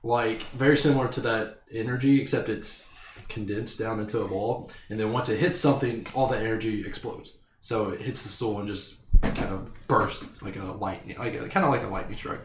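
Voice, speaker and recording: Guy with a lowish voice rambling through a game explanation, echoey room. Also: fairly even intonation. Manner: halting, restarting explanations. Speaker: player. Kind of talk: casual tabletop play. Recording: echoey room, faint noise.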